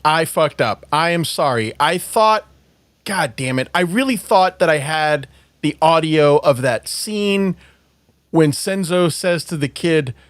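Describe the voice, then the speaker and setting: A man hosting a casual podcast, talking slowly but with a lively, swooping voice. He laughs a lot and swears freely. The sound is dry and close. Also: a little high, dry recording. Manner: animated, laughing, swearing, apologetic asides. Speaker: podcast host.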